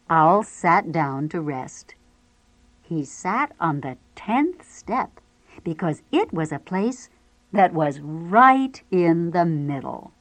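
A woman reading a children's picture book aloud in a slow, expressive storytelling manner, with violin music playing underneath. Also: on the low side. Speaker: storybook reader.

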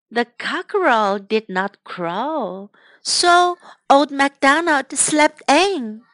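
A woman reads a children's story aloud as an English teacher, slow and deliberate, with each line followed by a translation. Her voice is high, and the recording is dry and close. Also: fairly bright tone, no echo.

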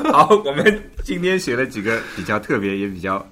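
Chinese-native guy hosting an english podcast, laughs a lot, echoes phrases, lively voice. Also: mid-range voice, normal speed, crowd noise. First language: Mandarin Chinese. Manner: laughs often, repeats phrases back. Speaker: host. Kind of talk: casual language lesson chat.

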